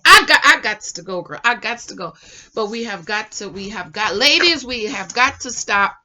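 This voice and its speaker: A woman in her thirties hosting her own channel, chatting like a girlfriend as a relationship mentor and often dropping to a soft, calm voice. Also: normal speed. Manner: chatty, sisterly, drops to a soft low voice to demonstrate. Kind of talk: casual chat to camera.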